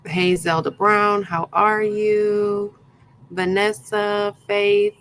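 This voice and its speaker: A woman's voice: mid-range voice, flat delivery, very slow, fairly bright tone, a little hiss or hum, poor audio. A woman hosting a live craft tutorial, chatting casually and greeting her viewers one by one by name, with plenty of ums along the way. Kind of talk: casual live-stream chat.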